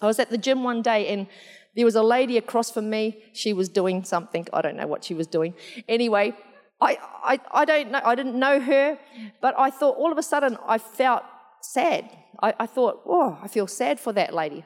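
A woman telling a story in a sermon, chatty and animated, laughing often. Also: a little high, moderate pace. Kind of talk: sermon testimony. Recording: long hall reverb.

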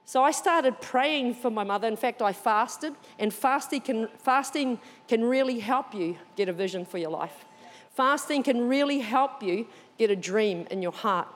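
Female church speaker, high voice, animated testimony, long hall echo. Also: a little slow. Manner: animated, expressive storytelling with frequent laughter. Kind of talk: sermon testimony storytelling. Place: church auditorium.

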